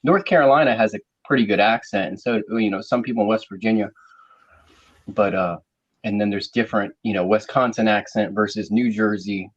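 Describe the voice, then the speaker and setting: A man's voice: lowish voice, brisk, slightly rough, dull audio. A man with a slight Southern US twang hosting a casual live panel chat, rambling with frequent restarts. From American South. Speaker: livestream panel host.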